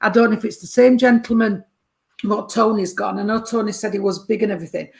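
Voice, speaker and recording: A woman's voice: mid-range voice, fairly even intonation, quick pace, gravelly. Chatty woman medium. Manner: chatty, warm terms of address, keeps checking with the sitter. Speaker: spiritualist medium. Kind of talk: mediumship reading to a sitter.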